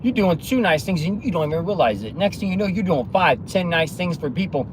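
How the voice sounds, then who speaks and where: A man talking through a motivational monologue, animated and storytelling, with acted-out bits of other people's lines. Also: sits high, fairly quick, a little hiss or hum. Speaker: motivational speaker.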